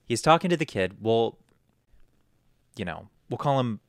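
A man's voice: medium pitch, very animated, measured pace, no echo. A young man hosting a podcast, rambling through a story and acting out quotes in a raised voice. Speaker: podcast host. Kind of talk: casual storytelling.

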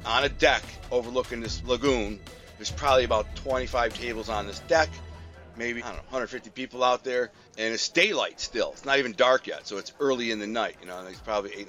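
A man with a bright, forceful voice rambles through a personal story, piling up slang, fillers and restarts. Faint music plays softly behind him. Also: medium pitch.

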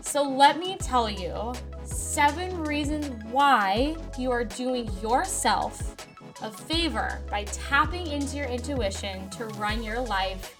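A woman's voice: sits high, lively intonation, slow, over music. A young woman hosting a casual spiritual podcast, gushing and chatty, often saying "you guys" and "like.". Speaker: podcast host.

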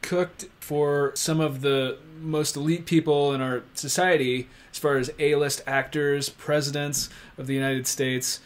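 A male interview host asks his questions in a thoughtful, rambling way. His voice sits somewhat high for a man. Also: flat delivery, measured pace, hardly any pauses. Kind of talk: conversational interview.

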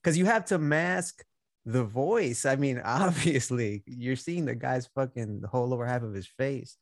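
A man's voice: mid-range voice, moderate pace, no room sound, studio quality. A man co-hosting a casual podcast, laid-back and slangy with frequent swearing. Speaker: podcast co-host. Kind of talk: casual movie discussion.

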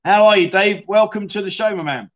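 A man's voice: sits high, brisk, fairly bright tone, lo-fi sound. A man hosting a casual livestream from Thailand, chatting with viewers and telling stories in a friendly way. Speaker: livestream host. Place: home in Thailand.

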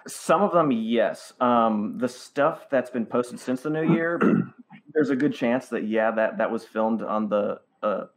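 A man's voice: mid-range voice, a little slow. A male comedian guesting on a podcast, rambling and self-deprecating with lots of fillers. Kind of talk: casual podcast chat.

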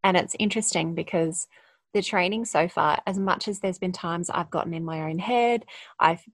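A low, gravelly, slightly husky woman talking in a candid, reflective way, with laughter coming up often. The sound is dry and close. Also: normal speed, no room sound. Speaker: podcast guest, coach. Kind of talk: casual conversation.

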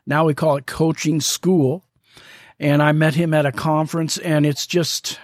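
Guy hosting a faith podcast, kinda high voice, excited and rambly, dry close mic. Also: measured pace, no room sound. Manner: enthusiastic, rambling with fillers. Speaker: podcast host. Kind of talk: casual faith podcast chat.

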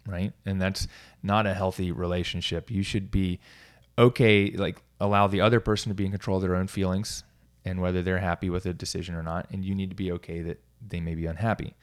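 A man's voice: low voice, little pitch movement, a little fast. A middle-aged man, a coach, talking casually on his own, rambling with restarts and small self-amused laughs. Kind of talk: casual solo talk.

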